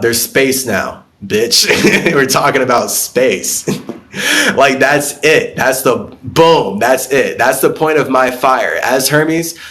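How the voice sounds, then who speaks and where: Hosting a spiritual livestream, this man talks in a mid-range, fairly bright voice. His delivery is blunt and full of profanity as he wanders through his thoughts, reacts to comments from viewers and laughs now and then.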